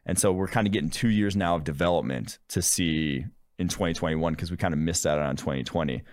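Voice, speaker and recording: A man with an extremely low, deep voice talks through his analysis in an easygoing, thinking-aloud way. The sound is dry and close, with no room around it. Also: fairly quick, dry recording. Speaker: podcast co-host, draft analyst. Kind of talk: casual sports chat.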